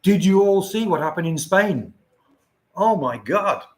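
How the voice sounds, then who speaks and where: An older man hosts a casual livestream, rambling to his viewers and chuckling often. His voice sits high and sounds expressive, and he keeps a measured pace.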